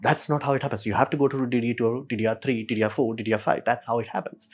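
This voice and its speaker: Host, male, rapid-fire blunt rant, mid-pitched, swears freely. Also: steady tone, a little mellow, breathy edge. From India. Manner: ranting, blunt, swears, mimics others in quick asides. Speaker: channel host. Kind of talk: opinionated solo commentary.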